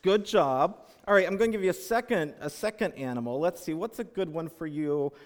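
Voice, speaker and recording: Lively man leading a church in a big echoing hall. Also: fairly high pitch, brisk. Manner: encouraging, playful, makes animal noises to cue the congregation. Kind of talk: reading aloud and leading a participatory children's story. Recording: long reverb of large hall.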